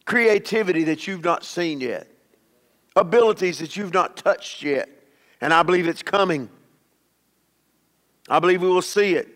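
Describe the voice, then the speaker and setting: A man preaches a sermon in a church, his voice sitting high for a man. He drives his points home by repeating key phrases with emphasis. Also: fairly bright tone. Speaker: pastor.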